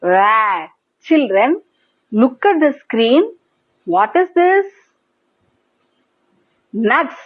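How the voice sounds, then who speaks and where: Woman teacher, Indian English accent, high voice, slow sing-song prompts, tinny phone-like sound. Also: very animated. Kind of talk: children's English lesson on TV. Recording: tinny phone-like broadcast audio.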